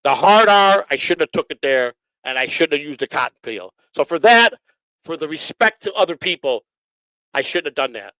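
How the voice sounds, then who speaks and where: A man's voice: on the high side, sing-song, normal speed, dry recording, low-quality recording. Profane, combative man ranting on a livestream. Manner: profane, combative, shouting at critics. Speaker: livestream host. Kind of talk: angry livestream rant.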